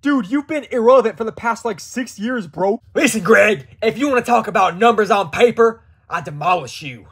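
A man voicing a cocky veteran male wrestler who trash-talks in a low, boastful way. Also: animated, normal speed, gravelly, few pauses, a bit bright, slightly rough, exaggerated voice. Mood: scornful.

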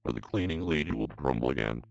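A man voicing a flat robotic male game character in a monotone, droning read-aloud. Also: very deep voice, fast, creaky, dull audio, voice pushed down, full character voice. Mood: deadpan.

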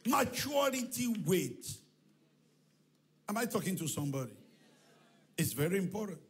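Preaching in a church hall, a high-voiced man speaks at a moderate pace with long pauses, and a little hiss or hum is audible. He's an animated storyteller who acts out dialogue and shouts and chants refrains.

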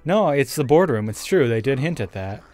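A man's voice: medium pitch, lively intonation, a little fast, a little mellow, soft background music. A man giving casual gameplay commentary, swearing often and joking through his frustration. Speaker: let's play gamer.

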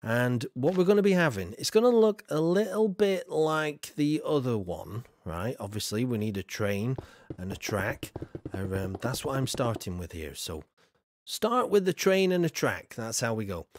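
A man's voice: medium pitch, very animated, moderate pace, dry recording. A man streaming a game, casually reading viewers' comments aloud and chatting with frequent fillers. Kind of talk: casual live-stream chat.

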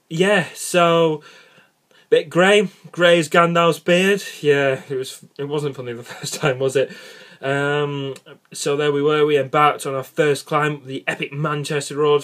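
A man's voice: fairly high pitch, fairly even intonation, unhurried, a bit bright. A young man, rambling casually about cycling and bad drivers, exasperated and jokey with many restarts. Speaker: cycling vlogger.

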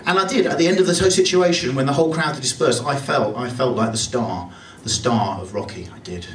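A man's voice: medium pitch, a little fast, a little hiss or hum. A man performing a stand-up comedy set in a club, telling rambling self-deprecating stories. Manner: rambling anecdotal delivery with self-deprecating asides. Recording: echoey club from far off with loud crowd. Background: audience laughter.

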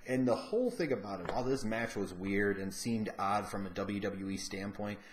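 A man's voice: on the low side, normal speed. A man giving frank, casual commentary as a wrestling show reviewer, opinionated and cursing now and then.

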